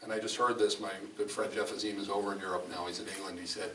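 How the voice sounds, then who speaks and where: A man's voice: on the low side, little pitch movement, fast talker. A man giving a conversational, storytelling sermon in a fellowship hall, speaking emphatically and often restarting his sentences. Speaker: preacher. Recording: echoey hall from a distant mic, faint room noise.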